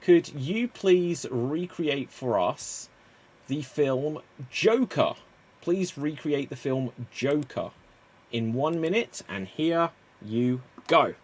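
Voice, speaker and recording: A man's voice: on the high side, animated, takes it slowly. Upbeat male improv host. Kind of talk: live-stream hosting.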